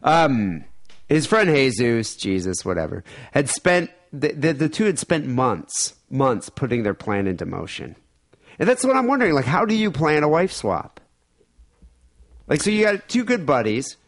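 A man co-hosting a podcast, telling stories in loose, rambling casual banter. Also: normal speed. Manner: rambling, animated storytelling with sudden jumps in pitch. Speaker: podcast co-host.

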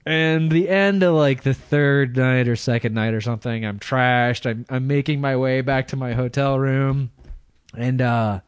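A man's voice: medium pitch, fairly even intonation, measured pace, clear, resonant tone, no echo. A man on a podcast, telling a rambling story in casual chat, laughing through it. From Michigan. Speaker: podcast regular.

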